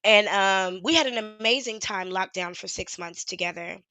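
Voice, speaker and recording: A woman in her thirties chats frankly on a livestream, wandering from topic to topic and swearing now and then. Her voice is bright and forward. The sound is dry and close. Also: mid-range voice, normal speed, no echo. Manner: chatty, rambling, frank with swearing. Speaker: YouTuber. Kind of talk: casual livestream chat.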